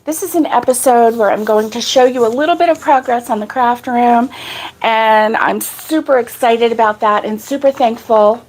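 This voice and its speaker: A woman's voice: fairly high pitch, moderate pace, darkish tone. A woman hosting a casual live crochet stream, out of breath, chatting and greeting viewers by name. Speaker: crochet channel host.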